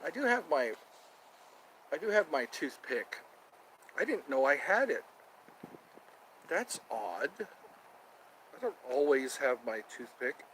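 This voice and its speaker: A man's voice: fairly high pitch, sing-song, takes it slowly, long pauses, fairly bright tone, a little hiss or hum, poor audio. A man hosting a casual solo livestream from outdoors near his home, rambling and repeating himself as he thinks aloud. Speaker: livestream host.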